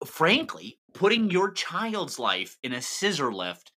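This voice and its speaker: A man's voice: on the high side, wildly swooping pitch, takes it slowly, pushed and bright. A man co-hosting a sports podcast, ranting in an impassioned, wordy way. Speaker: podcast co-host. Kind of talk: casual sports podcast chat.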